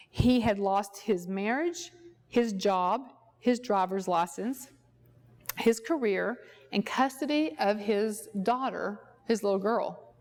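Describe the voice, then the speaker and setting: A woman therapist with a voice on the high side and a little mellow leads a workshop in a room at a ranch. She explains through a client example and poses rhetorical questions to the audience.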